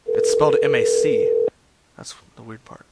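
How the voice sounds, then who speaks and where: A man's voice: mid-range voice, normal speed, very noisy. A man hosting a stream of prank phone calls, talking in a crude, joking way and trailing off into mumbles. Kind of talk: casual rambling chat with prank calls.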